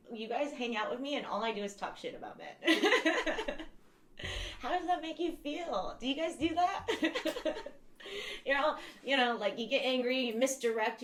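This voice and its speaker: A woman's voice: mid-range voice, fairly bright tone. Candid, rambling young woman in an echoey room. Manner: candid and rambling, with swearing and laughter. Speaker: vlogger. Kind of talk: casual chat to camera.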